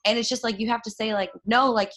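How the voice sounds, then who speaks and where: A young woman with a fairly high, fast voice gives her followers an excitable, chatty motivational talk about her network marketing success. It's full of fillers and laughter.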